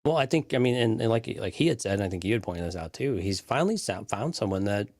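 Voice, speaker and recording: A man's voice: lowish voice, lively intonation, quick pace, darkish tone, no echo, studio quality. A man co-hosting a casual live podcast, making wry joking asides and restarting his sentences as he goes. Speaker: podcast co-host. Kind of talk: casual live TV-show breakdown chat.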